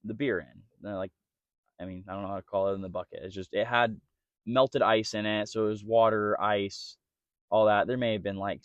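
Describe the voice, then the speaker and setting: A man's voice: on the low side, dry recording, dull audio. A young man co-hosting a podcast, telling a story in casual chat and quoting people along the way. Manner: storytelling, animated quoting of others. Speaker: podcast co-host.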